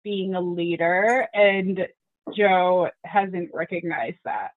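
Wry woman on a tinny phone line. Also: on the low side. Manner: wry, quick to laugh. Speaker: podcast co-host. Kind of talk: casual chat on a phone-quality line. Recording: thin phone-like audio.

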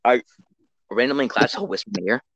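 A man's voice: mid-range voice, quick pace, fairly bright tone, no echo, muffled recording. A teenage boy co-hosting a casual podcast, rambling, swearing often and restarting his sentences. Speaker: podcast co-host. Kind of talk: casual chat.

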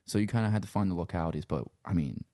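A man from Louisiana talks in a loose, casual way, with a Cajun accent and plenty of cursing. His voice sits deep and gravelly. The recording is dry and close, with no room echo. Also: expressive, racing, mellow. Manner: loose and swearing, lots of "you know". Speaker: guest, sound engineer and musician. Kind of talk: casual interview chat.

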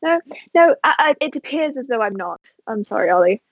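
A woman's voice: big pitch swings, brisk, slightly rough, no room sound, highs cut off, heavily acted. A woman doing a stammering frantic young man. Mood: flustered. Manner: stammering, shrill when panicked. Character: frazzled flustered young man Ollie.

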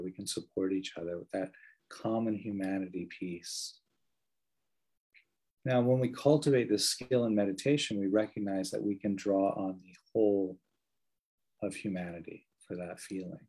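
A man gives a meditation talk and tells a story in a gentle, earnest way. His voice sits low and carries a husky, breathy edge. His phrases often fade softly at the end. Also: fairly even intonation, moderate pace, low-quality recording. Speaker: meditation teacher.

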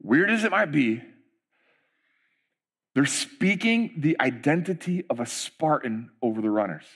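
Animated pastor preaching, slightly high voice. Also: male voice, measured pace, breathy edge. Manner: conversational, animated, with frequent asides. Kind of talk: sermon.

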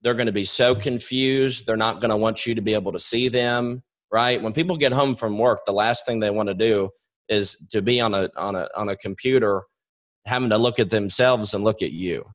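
A man's voice: lowish voice, moderate pace. A young man coaching a sales team on a webinar. He talks in a direct way, repeats his points and acts out both sides of phone calls. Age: young adult.

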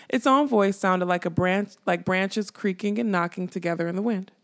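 A woman narrating a fantasy audiobook in a measured storytelling manner. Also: medium pitch.

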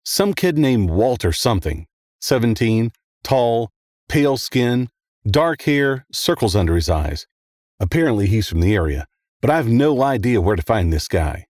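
A man narrating a first-person horror story in a steady, measured way. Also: mid-range voice, dry recording, studio quality.

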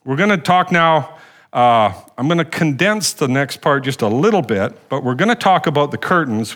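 A man preaching a sermon, rallying the congregation with questions and calls for amen, often restarting and repeating phrases. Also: mid-range voice. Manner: animated preaching with call-and-response to the congregation. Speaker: pastor.

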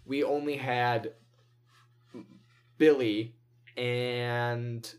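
A man's voice: medium pitch, steady tone, drawn-out words, smooth. Young male co-host, easygoing and chatty, walks through the plot plainly. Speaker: podcast co-host. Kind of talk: casual chat recapping an episode.

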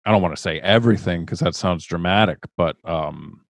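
A man's voice: low-pitched, fairly quick, no echo. A man in his forties, a guest in a casual conversation, talking reflectively and openly with casual swearing. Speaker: podcast guest.

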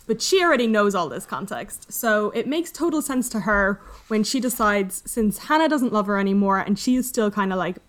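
A woman co-hosting a podcast, casually retelling a book's plot and acting out the characters' lines. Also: medium pitch. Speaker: podcast co-host. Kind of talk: casual book discussion.

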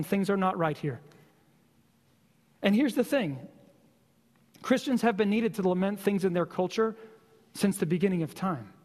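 Male pastor, very high voice, passionate sermon delivery, long hall reverb. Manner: impassioned, repetitive exhortation with slow emphatic stresses.

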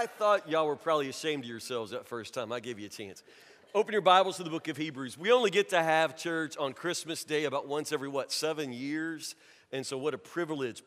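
A man's voice: mid-range voice, fairly bright tone. A man preaching a sermon as pastor, folksy and storytelling, with frequent stammered restarts. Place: church sanctuary. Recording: long church reverb.

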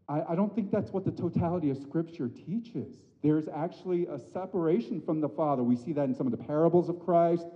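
Animated preacher in a reverberant church. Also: male voice, a little high, brisk, hardly any pauses. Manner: animated, swings from loud emphatic peaks to soft hushed lines. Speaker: pastor. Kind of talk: sermon. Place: church sanctuary. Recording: dull audio with long hall reverb.

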